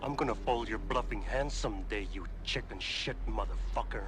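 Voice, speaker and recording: A man's voice: lowish voice, moderate pace, noisy background, natural voice. Man playing a cold, threatening inmate. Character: hard, threatening male inmate.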